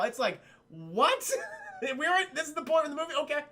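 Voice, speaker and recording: Walking his live stream chat through a film scene by scene, a man with a very high-pitched, brisk, creaky voice gets animated and swears freely while imitating the characters.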